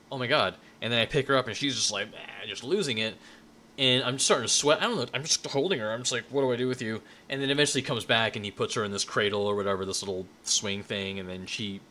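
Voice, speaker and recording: Low-voiced man giving a loose lecture. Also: pushed and bright, a little hiss or hum. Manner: loose and conversational, checks in with "right?", frequent restarts. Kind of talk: informal lecture.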